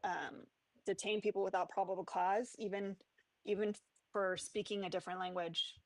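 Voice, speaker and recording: A woman's voice: medium pitch, flat delivery, moderate pace, no room sound. Firm Miami woman, dry close sound. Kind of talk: casual debate.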